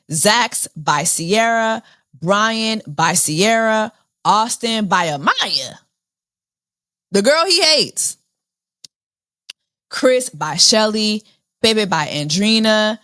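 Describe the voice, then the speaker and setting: A woman giving a casual, sassy recap of a reality dating show, jumping between high excited squeals and a low, weary drawl. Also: no echo, studio quality.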